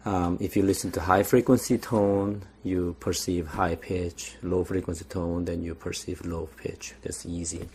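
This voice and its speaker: A young man giving a recorded lecture, explaining slowly with frequent pauses and restarts. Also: deep voice, level tone, a little mellow, a little hiss or hum.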